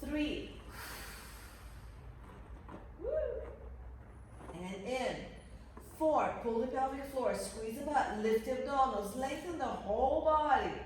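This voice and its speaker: High-voiced pilates instructor in a roomy studio. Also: female voice, a little slow, a little hiss or hum. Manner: energetic coaching, counting reps. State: out of breath. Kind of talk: guiding a workout class. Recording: roomy echo from a distance.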